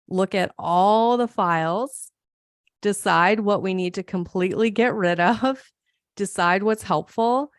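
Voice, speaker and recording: A woman's voice: lowish voice, clean tone, dry recording, clean studio sound. A woman psychologist from Montana hosting a solo podcast, explaining ideas in an earnest, friendly way with self-deprecating asides. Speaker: podcast host and clinical psychologist.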